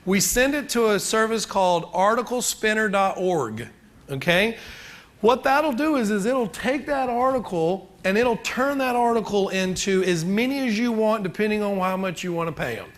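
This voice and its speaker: A man's voice: high-pitched, animated, moderate pace. A middle-aged man giving a chatty, joking real estate seminar, asking the audience questions. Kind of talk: live seminar talk to an audience.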